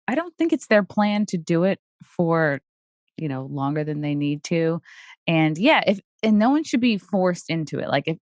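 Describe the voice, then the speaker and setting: A young adult woman comedian, a guest chatting casually, filling her talk with "like" and quick jokes. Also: on the low side, no room sound. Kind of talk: casual chat.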